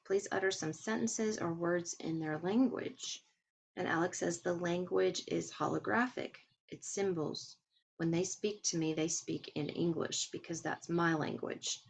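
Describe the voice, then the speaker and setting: A woman with a lowish, gravelly voice casually retells a recorded webinar, paraphrasing and quoting the speaker while tossing in her own asides. There's a slight hiss or hum on the audio.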